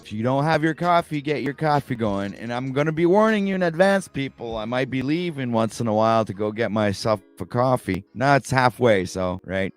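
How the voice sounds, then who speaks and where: A man hosting a casual morning livestream talk show, rambling and laid-back with many fillers and restarts. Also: mid-range voice. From Canada.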